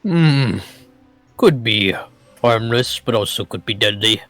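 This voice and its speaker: A man playing a naive character at a tabletop game, loud and blurting. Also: lowish voice, fairly even intonation, normal speed, no room sound, faint music behind. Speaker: player. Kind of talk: in-character roleplay.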